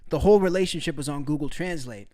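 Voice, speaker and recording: A man's voice: fairly high pitch, fast talker, dark tone. A young man casually talking to his live-stream chat, laughing often, cursing and calling viewers bro. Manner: crude, laughing, brotherly slang.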